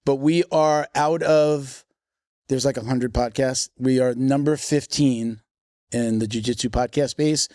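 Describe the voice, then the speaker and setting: Chatty guy hosting a podcast, rambles and jokes, mid-pitched, dry close mic. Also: fairly even intonation, unhurried, a little mellow, dry recording. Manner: chatty, joking, rambling with restarts. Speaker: podcast host. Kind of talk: casual podcast chat.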